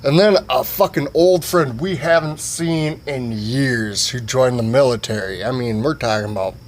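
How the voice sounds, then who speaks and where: A man telling a rambling, profane comic story in an animated way. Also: medium pitch, moderate pace, slight background noise.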